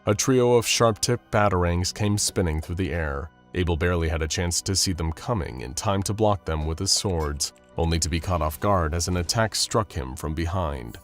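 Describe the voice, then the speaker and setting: A man narrating a scripted action story in a steady, dramatic storytelling manner. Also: deep voice, moderate pace, few pauses, faint music behind.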